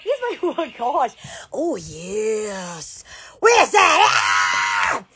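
A woman's voice: on the high side, huge pitch swings, slow, a bit bright, husky. A woman chatting on a live stream, laughing a lot and crying out "oh, yes" over and over. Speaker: online shop owner on a live stream. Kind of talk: excited casual live stream chat.

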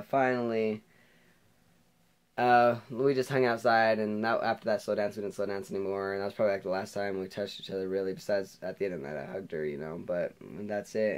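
A man's voice: on the low side, a little mellow, clean tone. A young adult man vlogging a casual personal story, rambling with lots of "like" and "you know" and frequent laughter.

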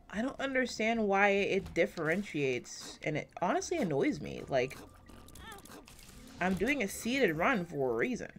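A woman giving casual, rambling commentary while playing a video game, self-deprecating and swearing often, swinging between quiet and loud, on a close desk mic. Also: on the low side. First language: English. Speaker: gaming YouTuber.

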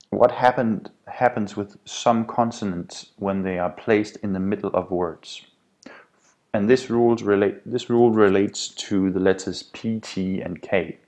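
A man with a Danish accent, a native Danish speaker, teaching a pronunciation lesson and repeating each sound slowly. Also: on the low side, a little mellow. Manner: spells out sounds slowly, repeats example words. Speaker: language teacher.

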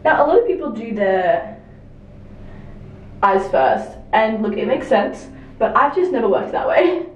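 A woman's voice: on the high side, animated, unhurried, long pauses, far from the mic, lo-fi sound, a little hiss or hum. A young woman from Australia doing a chatty, self-deprecating get-ready-with-me makeup talk. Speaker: beauty vlogger. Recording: echoey room, off-mic.

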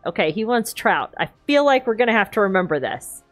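A woman's voice: medium pitch, big pitch swings, brisk, faint music behind. A woman gaming streamer giving casual, playful let's-play commentary, chatting and joking about herself.

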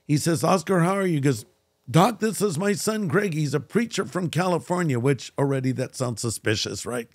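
A man's voice: on the high side, normal speed, dry recording, studio quality. An older man, a guest pastor, telling a personal story in an interview and acting out the voices of the people in it. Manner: animated storyteller who acts out quoted voices.

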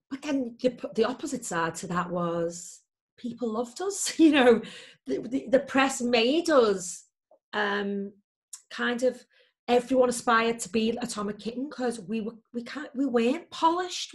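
Lively woman. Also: on the high side. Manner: lively, emphatic storytelling with frequent fillers. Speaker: interview guest. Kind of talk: candid interview chat.

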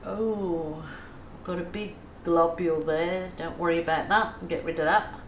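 Speaking a little slowly in a fairly low voice with fairly even intonation, an Australian acrylic pouring artist chats through a painting tutorial. She guides viewers gently, with self-deprecating humor. A little hiss or hum and faint ambience fill the echoey room.

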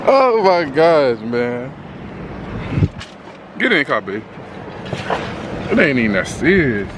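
A man's voice: mid-range voice, very animated, takes it slowly. A young man filming a prank, teasing and laughing, then pleading. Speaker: prankster vlogger. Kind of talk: casual filmed prank. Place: in and around a parked car outdoors. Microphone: handheld camera. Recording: outdoor noise, traffic.

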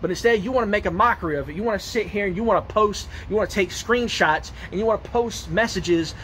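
A man's voice: high voice, fast, fairly bright tone, a little hiss or hum. A man ranting angrily and profanely to camera, repeating himself and stumbling over his words. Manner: profane, aggressive, repetitive, stumbling. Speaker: ranting video poster. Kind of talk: angry rant to camera.

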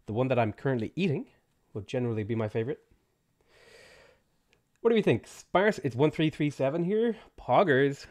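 A man streaming a game, casually greeting viewers by name and giving quick offhand answers to their questions. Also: medium pitch, lively intonation, darkish tone. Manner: greets chat viewers by name between game setup remarks. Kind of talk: casual live-stream chat.

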